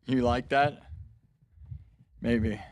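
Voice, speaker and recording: A man's voice: mid-range voice, steady tone, very slow, dry recording. A man hosting a music livestream in casual chat, laid-back and calling his viewers dudes and bro, his throat a little strained from screaming. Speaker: livestream host and improv musician.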